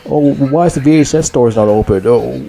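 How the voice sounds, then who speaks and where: A man's voice: medium pitch, brisk, creaky, dark tone, soft background music, pitched above the performer's own voice, close to an everyday voice. A man mimicking a grumpy old male customer who complains in a whiny tone.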